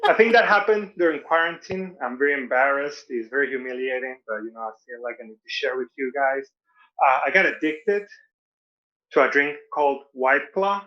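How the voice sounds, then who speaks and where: A man's voice: mid-range voice, normal speed. A man from Venezuela with a Venezuelan Spanish accent, a self-deprecating stand-up comedian performing over a video call. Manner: self-deprecating, repeats and restarts words. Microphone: video call mic. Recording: dull lo-fi video call audio.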